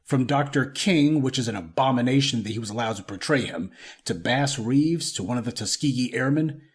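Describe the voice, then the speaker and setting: A man's voice: medium pitch, fairly quick. A man delivering a scripted commentary monologue in an indignant, lecturing manner. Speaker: online commentator.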